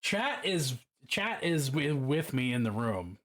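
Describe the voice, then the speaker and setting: A man's voice: mid-range voice, sing-song, slow pace, fairly bright tone. A man from Baltimore chatting casually on a live stream while painting miniatures alone in his room, profane, rambling and self-mocking.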